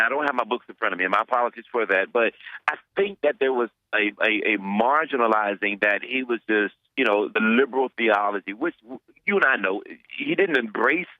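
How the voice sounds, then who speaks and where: A man's voice: mid-range voice, animated, brisk, no echo, highs cut off. A man, a pastor, answering interview questions earnestly, often repeating words as he searches for them.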